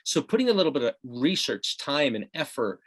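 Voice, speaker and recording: A man's voice: medium pitch, big pitch swings, a little fast. A man hosting a podcast in casual chat, blunt and joking, with vivid analogies. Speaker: podcast host.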